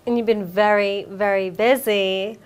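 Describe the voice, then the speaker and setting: A woman's voice: medium pitch, steady tone, unhurried. A woman hosting an internet radio interview, chatty and supportive as she asks questions. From United States. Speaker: host.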